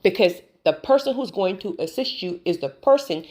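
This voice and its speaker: A woman preaching about spiritual healing in a lively, swooping voice. Her talk is casual and emphatic, and she leans on repeated phrases to drive each point home. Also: on the low side, normal speed.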